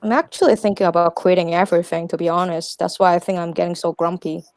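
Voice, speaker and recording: A woman, chatting casually as a podcast guest, animated and laughing often. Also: lowish voice, fast talker. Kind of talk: casual chat.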